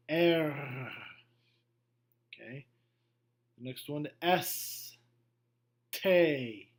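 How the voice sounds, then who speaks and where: A middle-aged man teaching a beginner language lesson, going slowly through a worksheet, patient and repetitive with frequent okays. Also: mid-range voice, a little mellow. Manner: slow, patient, repeats himself with many okays. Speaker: French teacher. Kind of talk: classroom lesson walkthrough.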